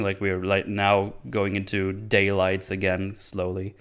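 Male host, lowish smooth voice, loose rambling movie recap, chuckles a lot. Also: level tone, moderate pace, few pauses, fairly bright tone. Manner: rambling, laughs often, many restarts. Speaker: podcast host reviewing a movie. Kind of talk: casual solo movie recap.

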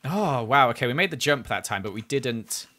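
A man's voice: mid-range voice, lively intonation, a little fast, bright, forceful tone. A man chatting through a live game stream, criticizing his own play and flaring up at near misses. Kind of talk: live gameplay commentary.

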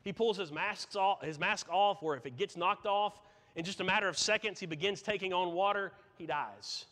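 A high-voiced man preaching to his congregation, posing earnest questions and hammering home emphatic points. His voice rings out into a church hall with a long reverb tail. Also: moderate pace, a bit bright. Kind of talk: sermon. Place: church sanctuary.

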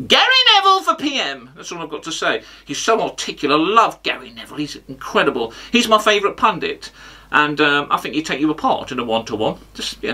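A brash, self-important football pundit, put on by a man in a comedy sketch, hurling pompous insults. The voice is high and very sharp. It sits a little away from the microphone. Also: recorded from a distance, heavily acted. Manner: pompous, insult-heavy mock bravado.

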